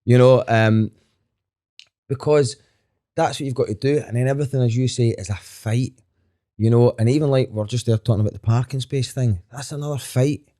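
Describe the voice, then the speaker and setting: Here a Scottish comedian in his thirties talks at a moderate pace, his medium-pitched male voice mellow. As a guest on a podcast he tells candid stories with earnest frankness, swearing casually as he goes.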